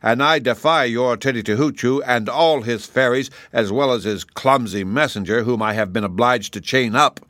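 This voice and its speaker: A man voicing a boastful old gnome king who talks in a loud, bragging, indignant way. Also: medium pitch, animated, moderate pace, no echo, clean studio sound, pitched above the performer's own voice, close to an everyday voice. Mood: defiant.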